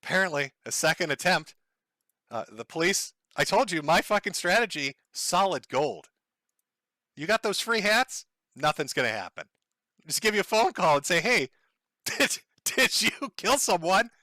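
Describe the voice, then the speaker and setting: Sarcastic high-voiced streamer man. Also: big pitch swings, moderate pace, sharp tone, no room sound. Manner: sarcastic, mocking. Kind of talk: live stream rant.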